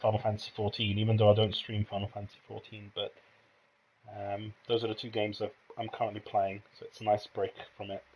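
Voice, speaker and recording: A man's voice: on the low side, completely flat delivery, a little fast, darkish tone, lo-fi sound, slight background noise. A man casually commenting while he plays and streams a game, thinking aloud and reacting as he explores. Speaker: let's play streamer.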